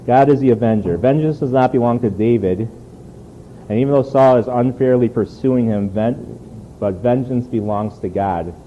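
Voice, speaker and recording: A man's voice: medium pitch, normal speed, highs cut off, slight background noise. A man preaching a sermon in an earnest, conversational way, often repeating words as he restarts. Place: church.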